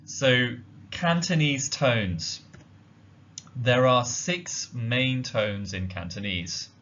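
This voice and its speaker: A man giving a slide-based language lesson, explaining slowly and carefully with frequent ums. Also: medium pitch, a bit bright, a little hiss or hum. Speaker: language teacher. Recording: dull lo-fi audio.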